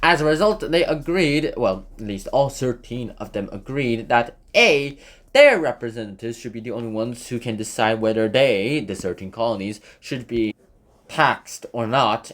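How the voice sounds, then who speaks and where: A man explaining history in a casual, chatty way, often correcting himself mid-sentence and throwing in asides. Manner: chatty, self-correcting, lots of fillers and asides; lively, swooping pitch.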